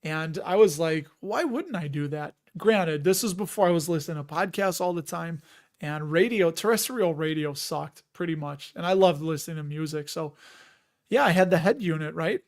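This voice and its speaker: A man's voice: fairly high pitch, normal speed. A man with a Chicago accent hosting a casual live stream, rambling and chatty and often laughing as he reads out viewer comments.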